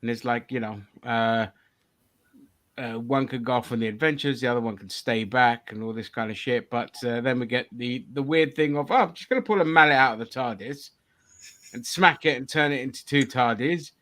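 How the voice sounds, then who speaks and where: A man runs a loose, chatty review podcast at a middling pitch. He talks bluntly, swears often and keeps steering the conversation between his co-hosts. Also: fairly even intonation, moderate pace, a bit bright. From England. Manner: blunt, swears freely, leads the discussion. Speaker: podcast host. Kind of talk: casual review chat.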